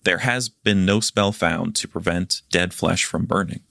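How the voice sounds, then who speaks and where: A man co-hosting a casual book discussion podcast, talking haltingly with frequent pauses and restarts. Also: low voice, gravelly, a bit bright, no echo, clean studio sound. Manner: halting, many fillers and restarts. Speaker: podcast co-host.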